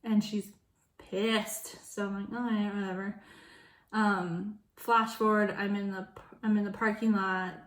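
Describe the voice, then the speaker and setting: A woman's voice: flat delivery, a little slow. Frank, casual young woman in an echoey room. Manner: casual and frank, swears, laughs between lines; acts out quoted voices with sudden loud high bursts. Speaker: vlogger. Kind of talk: candid storytelling vlog.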